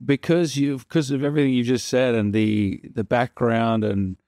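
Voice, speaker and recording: A man hosting a relaxed interview who keeps the talk moving with leading questions. His voice sits at an ordinary pitch and is recorded dry, with no room sound. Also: normal speed, dry recording. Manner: prompting, asks leading questions. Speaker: interview host. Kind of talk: casual interview.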